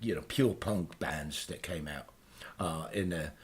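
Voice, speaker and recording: A man with an extremely low voice, speaking at a measured pace, performs a comic radio character: a boastful, aging Liverpool punk singer guest hosting a show. He's rambling and hesitant, loaded with fillers, and erupts into loud rants.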